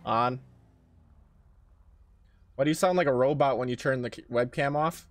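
This is casual livestream commentary on a car game, recorded with clean studio sound and no echo. The man speaks at a normal speed in a medium pitch, chatting with viewers full of profanity and jokes.

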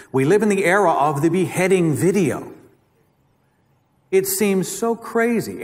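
A man with an Oklahoma accent giving a live public talk, emphatic and dramatic, repeating phrases for effect. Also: on the high side. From Oklahoma, USA. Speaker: guest speaker. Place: lecture hall. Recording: reverberant hall recording.

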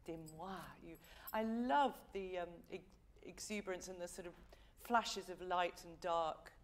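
A woman's voice: fairly low pitch, unhurried. A middle-aged English woman teaching a vocal masterclass, encouraging and demonstrating phrases aloud.

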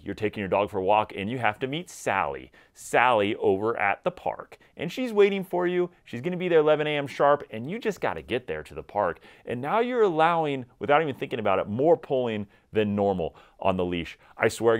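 A man giving energetic, conversational dog training advice directly to his viewers. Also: medium pitch, fairly quick, hardly any pauses. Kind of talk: instructional talk to camera.

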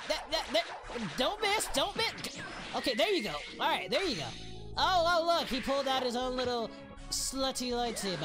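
Someone doing Goku, hyped and loud. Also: high-pitched. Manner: hyped, shouting, cheering at the screen. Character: excitable young male martial-arts hero. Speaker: reaction channel host. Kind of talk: in-character reaction commentary. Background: music.

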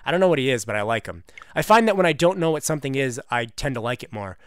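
A man's voice: mid-range voice, expressive, fast, clean tone, no echo, studio quality. A young man hosting a gaming video, giving comedic, sarcastic commentary with self-mocking asides.

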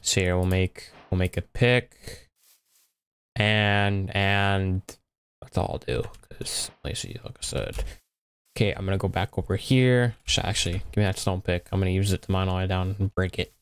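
A man's voice: deep voice, fairly even intonation, moderate pace, clear, resonant tone. Laid-back young man narrating gameplay. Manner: laid-back, rambling, talks to himself while playing. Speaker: gaming YouTuber. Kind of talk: casual Minecraft let's play commentary.

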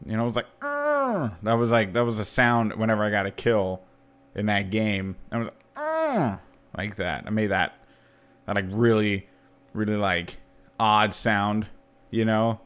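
A man's voice: fairly low pitch, moderate pace, clean tone. A man in his thirties hosting a podcast, chatting casually and jokily, with his voice leaping up to stress points. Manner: animated and jokey, voice leaping up for emphasis. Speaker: podcast host. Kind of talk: casual chat.

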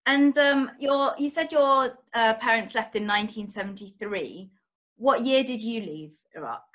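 A woman's voice: a little high, measured pace, fairly bright tone. Woman asking short follow-up questions. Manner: brief, probing follow-up questions. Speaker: interviewer. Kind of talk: online event interview.

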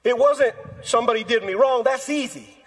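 Speaking at an even, moderate pace, a male pastor preaches with a strikingly high, breathy, husky voice. He performs quoted lines theatrically, and the sanctuary adds a long, ringing reverb.

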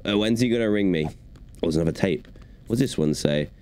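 A man's voice: on the low side, very animated, fairly quick, darkish tone, soft background music. A young man giving chatty, playful commentary while playing a video game. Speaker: gaming YouTuber. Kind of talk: gaming commentary.

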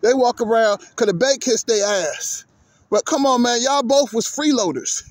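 Heated male vlogger, very high pitch, dry close mic, curses and stumbles. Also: moderate pace, no echo. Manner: heated, cursing, repeats words. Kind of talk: profane sports rant.

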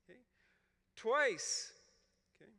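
At a clergy retreat, a Bible scholar teaches scripture, reading passages aloud, explaining them, and checking in with "okay?" His voice is slow, pushed, and bright, and the sound is that of a big room.

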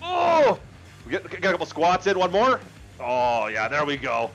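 A man streaming live farm gameplay, chatting excitably with his viewers and talking to the game. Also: on the high side, normal speed. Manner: excitable, chatty, talks to chat.

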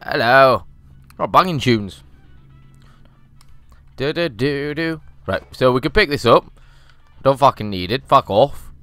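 Cheeky young male let's-player; animated, bright delivery, curses freely. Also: mid-range voice, takes it slowly, long pauses, clean tone, dry recording, faint music behind. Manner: sweary, cheeky, chatty. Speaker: gaming YouTuber. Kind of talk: casual let's-play commentary.

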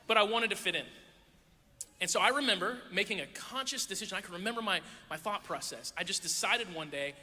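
A man's voice: sits high, expressive, a little fast, bright, forceful tone, a little hiss or hum. A man preaching a sermon to a church audience, a playful storyteller who acts out the voices in his stories. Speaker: youth pastor. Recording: echoey hall.

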